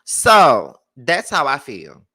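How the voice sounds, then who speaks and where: A man's voice: fairly high pitch, huge pitch swings, takes it slowly, sharp tone, breathy edge. A man with a Mississippi Southern accent, chatting animatedly and slangily in a casual TV review vlog. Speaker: YouTube TV reviewer.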